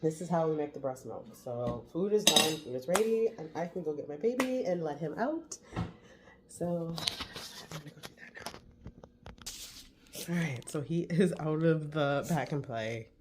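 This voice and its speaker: A vlogging mother in her forties talks casually as she cooks breakfast, her camera propped on the kitchen counter. Her low-pitched voice has lively intonation and an unhurried pace, though the audio is very noisy.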